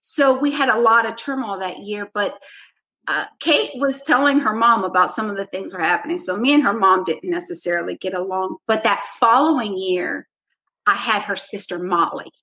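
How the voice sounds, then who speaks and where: A woman basketball coach, a podcast guest, telling a story in a relaxed, reflective way, often filling with "you know" and acting out her own past words. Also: mid-range voice, normal speed, rough recording. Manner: frequent "you know" fillers. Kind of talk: storytelling in a conversational interview.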